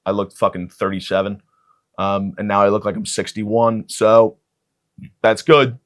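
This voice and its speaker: A man in his thirties hosting a comedy podcast, rambling through a profane solo monologue and jumping into loud excited bits. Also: fairly low pitch, a little slow. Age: 30s. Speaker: podcast host.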